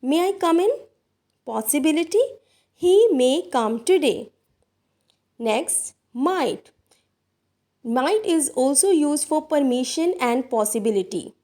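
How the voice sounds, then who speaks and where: A woman teaching grammar in a recorded lesson, speaking deliberately and addressing her viewers as dear students. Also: high-pitched, lively intonation, warm tone. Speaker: English teacher.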